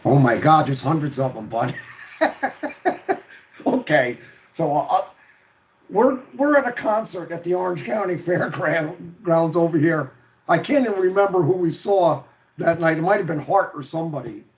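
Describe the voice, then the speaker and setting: A man telling a friend's story as a show guest, halting and repeating words, laughing through grief. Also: a little high, expressive. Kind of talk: emotional storytelling. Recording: dull lo-fi stream audio.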